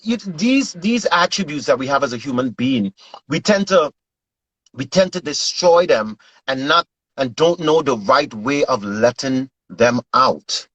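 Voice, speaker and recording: Man, husky voice, lively pitch, earnest, dry close recording. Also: measured pace, dry recording, lo-fi sound. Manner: earnest, animated, repeats himself. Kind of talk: casual chat.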